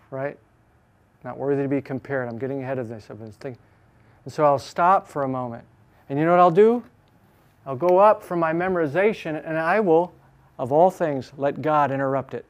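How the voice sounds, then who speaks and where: A man teaching a Bible class, repeating scripture phrase by phrase with slow emphasis, then explaining in a quick, lively way. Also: medium pitch. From Chicago.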